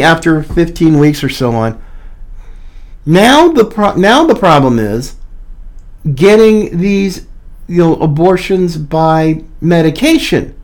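A man's voice: fairly high pitch, very animated, slow. A man hosting a podcast, giving a combative, mocking opinion monologue. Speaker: podcast host.

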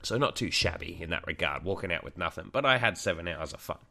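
A man's voice: low-pitched, animated, fast talker, gravelly, sharp tone. A young man co-hosting a casual podcast, rambling through a crude anecdote with plenty of swearing. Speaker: podcast co-host.

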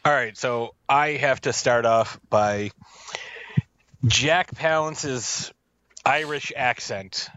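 A man's voice: mid-range voice, takes it slowly, pushed and bright, highs cut off. A man co-hosting a film podcast, chatting casually and jokingly, rambling with many fillers. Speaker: podcast co-host. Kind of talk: casual film review chat.

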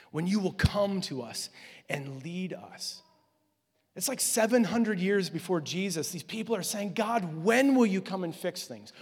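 A male pastor giving a conversational sermon, swelling to emphatic peaks as he drives his points home. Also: high-pitched. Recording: long hall reverb.

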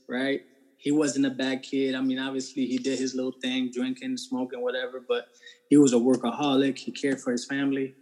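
This is a man from New Jersey sharing his faith testimony in an interview. He speaks at an ordinary middle pitch. His delivery is casual and earnest, with emphatic stresses and frequent "right?" check-ins. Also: little pitch movement, normal speed, darkish tone, low-quality recording. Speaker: interview guest.

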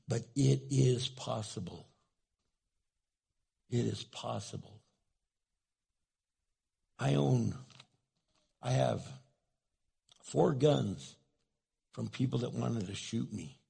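Very gravelly, raspy-voiced male preacher. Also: medium pitch, slow, pauses often, dark tone. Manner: storytelling, self-mocking, acts out dialogue. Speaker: pastor. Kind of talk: sermon.

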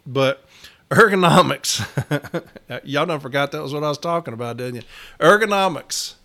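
A man's voice: mid-range voice, quick pace, a bit bright. A man who is a union shop steward, telling a work story to his viewers in a blunt, profane, emphatic way and often addressing them directly. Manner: folksy, addresses listeners as y'all.

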